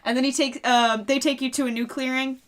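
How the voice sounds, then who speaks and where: A woman's voice: sits high, little pitch movement, a little fast. Woman rambling through game-master narration. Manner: loose, rambling description with many fillers.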